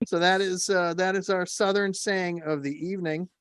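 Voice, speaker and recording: A man's voice: sits high, steady tone, moderate pace, fairly bright tone, clear, resonant tone, no echo. A man from the northern United States hosting a casual podcast, wryly reading out country sayings and bantering with co-hosts. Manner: wry, reads sayings from a phrase book. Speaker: podcast host.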